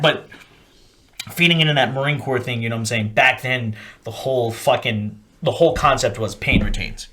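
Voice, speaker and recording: A young man on a podcast, swearing constantly and shouting out quoted lines as he tells stories. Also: mid-range voice, moderate pace. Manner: profane storytelling, acts out shouted quotes. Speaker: podcast host. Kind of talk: casual podcast chat. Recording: faint background noise.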